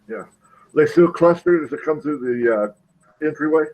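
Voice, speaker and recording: A man's voice: on the high side, moderate pace, a little mellow, low-quality recording. A man playing a tabletop game, giving brief, matter-of-fact action calls. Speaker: player. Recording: faint background noise.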